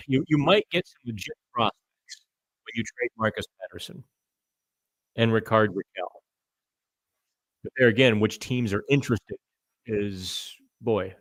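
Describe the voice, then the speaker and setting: A man's voice: medium pitch, dry recording. Chatty male hockey host, dry sound. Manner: conversational, thinking out loud, stumbles on names. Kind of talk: live chat reading viewer comments.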